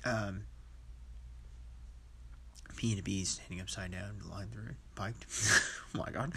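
A man's voice: on the low side, steady tone, measured pace, pauses often, sharp tone, husky. A man hosting a podcast in a rambling, profane monologue, laughing to himself. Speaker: podcast host.

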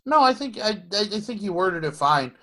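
Man, slightly high voice, thoughtful question-asker, casual podcast chat, repeats words at starts. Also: sing-song, brisk, pushed and bright. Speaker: podcast co-host asking questions.

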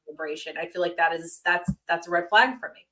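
A woman's voice: fairly low pitch, fast, bright, forceful tone, rough recording. A woman co-hosting a podcast in casual chat, opinionated and blunt, swearing as she makes her points. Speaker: podcast co-host.

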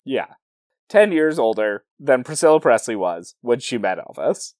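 A man co-hosting a film podcast who critiques bluntly and sounds fed up at times. His pitch moves widely, and the recording is dry and close. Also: sing-song, normal speed, a little mellow, no echo. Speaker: podcast co-host. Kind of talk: casual film review chat.

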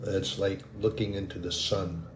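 A man giving an emotional, halting sermon testimony as a lay preacher. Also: low-pitched, level tone, roomy sound, a little hiss or hum. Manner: slow, halting, grows emotional and choked.

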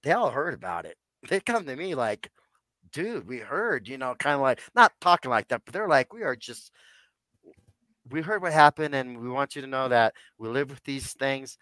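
Man in his sixties, mid-pitched, a guest spinning long, rambling stories on a dry mic. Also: sing-song, moderate pace, pushed and bright, no room sound. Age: 60s. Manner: rambling, addresses listeners as "guys". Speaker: podcast guest. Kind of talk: personal storytelling.

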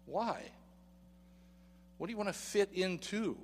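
Animated man preaching in a hall. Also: high voice, normal speed, a little hiss or hum. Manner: animated, asks the congregation questions. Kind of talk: sermon. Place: church sanctuary.

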